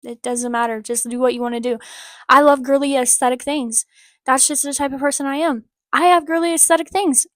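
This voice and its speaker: A woman's voice: high-pitched, fairly even intonation, fairly quick, no room sound, clean studio sound. A woman vlogger giving a casual personal update to her viewers, earnest and encouraging, rambling with lots of "like" fillers.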